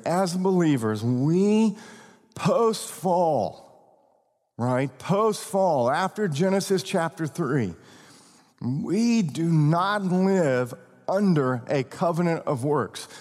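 A man preaching a sermon, stressing words slowly and often checking that the congregation follows. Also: on the high side, darkish tone, in a large hall. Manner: emphatic preaching with slow drawn-out stresses and questions to the congregation. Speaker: pastor.

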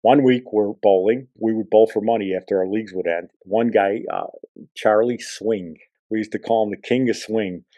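Male podcast host, casual storyteller; low, dark timbre, dry and dull recording. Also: normal speed, no echo. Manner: rambling, conversational.

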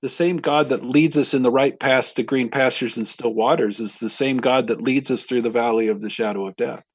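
Husky-voiced pastor, calm and measured. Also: male voice, mid-range voice, no echo. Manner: reflective, measured, with frequent ums. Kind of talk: conversational Bible discussion.

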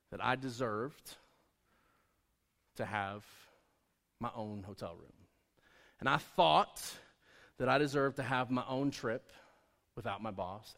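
A man preaching a sermon as a personal story, acting out conversations with lively swings in his voice. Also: mid-range voice. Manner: animated storyteller, acts out dialogue. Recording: long hall reverb.

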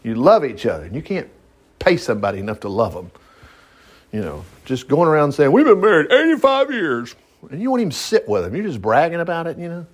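Animated folksy preacher. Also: male voice, mid-range voice, slightly rough. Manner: folksy, animated, quick to laugh and digress. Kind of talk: informal Bible teaching.

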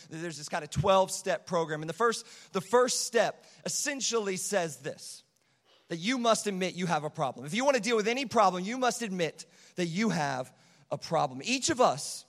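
A man preaching a sermon to a youth group, telling vivid stories, acting out quotes and repeating phrases for emphasis. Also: sits high. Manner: animated storytelling, acts out quotes, repeats phrases. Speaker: youth pastor. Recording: long hall reverb.

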